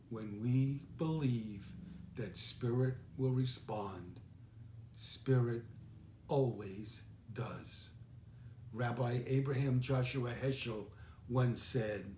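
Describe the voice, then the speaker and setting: Slow-spoken man preaching in an echoey room. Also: medium pitch, a little hiss or hum. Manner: unhurried, gentle storyteller with reflective pauses. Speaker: senior minister. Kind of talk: sermon with storytelling.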